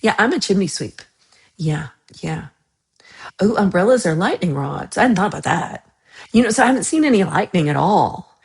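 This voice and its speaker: American woman livestream host, casual, lower-pitched, giggly. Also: expressive, normal speed, gravelly, a little mellow. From United States. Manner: chatty, laughs often, trails off into mumbles. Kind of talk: casual livestream chat reading comments.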